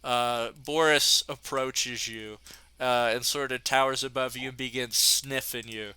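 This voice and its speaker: A man's voice: mid-range voice, steady tone, a little slow, pushed and bright, clear, resonant tone, no echo. A young man narrating a tabletop game as game master, with loose, filler-heavy narration.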